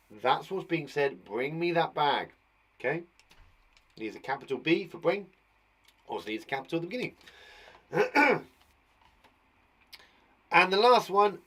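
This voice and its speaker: An English man teaching young children online, his voice sitting a little high for a man. He is patient and encouraging, thinking aloud as he writes out each example. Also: lively intonation, moderate pace, pauses often, fairly bright tone. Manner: patient, encouraging, talks aloud while writing. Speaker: primary school teacher. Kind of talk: live online English lesson.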